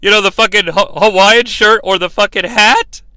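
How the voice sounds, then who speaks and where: A man's voice: sits high, fairly even intonation, normal speed, sharp tone, clear, resonant tone, dry recording. A young adult man hosting a sarcastic, profane comedic movie recap. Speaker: movie reviewer, host.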